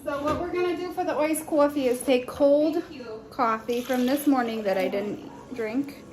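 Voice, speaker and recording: A young woman vlogging her day on a phone camera, chatty and giggly, sometimes squeaking out quotes. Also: normal speed. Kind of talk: casual day-in-the-life vlog chat. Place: home and out on errands. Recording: noisy handheld phone recording.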